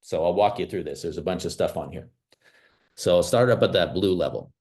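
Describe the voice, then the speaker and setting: A man from small-town America giving an animated, emphatic motivational talk over a video call, with casual fillers. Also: low voice, fairly quick. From small-town United States.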